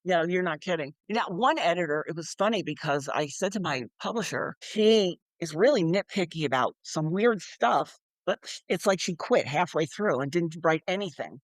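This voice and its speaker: A woman's voice: fairly low pitch, lively intonation, moderate pace, hardly any pauses, no echo. An older woman, an author being interviewed, chatting animatedly and acting out quoted voices with frequent laughs. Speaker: author and guest. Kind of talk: casual interview chat.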